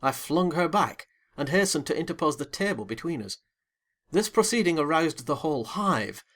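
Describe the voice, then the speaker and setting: A man reading a classic novel aloud as an audiobook, with a lively, dramatic first-person delivery. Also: a little high, normal speed. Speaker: audiobook narrator. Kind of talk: expressive audiobook narration.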